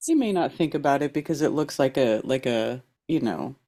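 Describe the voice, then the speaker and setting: A woman's voice: very deep voice, lively intonation, a little fast, dark tone. A woman co-hosting a casual livestream chat, adding short reactions and reading out viewer comments. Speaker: co-host.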